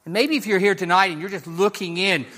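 A man's voice: sits high, fairly even intonation, quick pace, bright, forceful tone. A man preaching a sermon as pastor, earnest and emphatic, repeating key phrases and speaking straight to the congregation.

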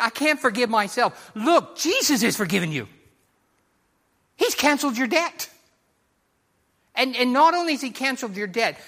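Male pastor, high bright voice, earnest emphatic sermon delivery. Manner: earnest, emphatic, repeats key phrases, speaks to the congregation.

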